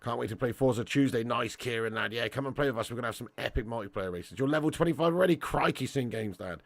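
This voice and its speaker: A man's voice: medium pitch, quick pace, vocal fry, no room sound. A young man hosting a casual live watch-along, reading chat and bantering with viewers as lad and mate.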